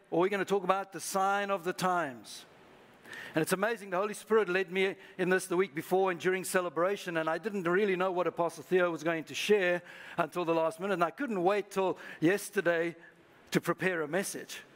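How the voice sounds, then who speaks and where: A man's voice: high-pitched, fairly even intonation, fairly quick, fairly bright tone. A man preaching a sermon as pastor to a live congregation, prompting the listeners to repeat phrases back to each other. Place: church service.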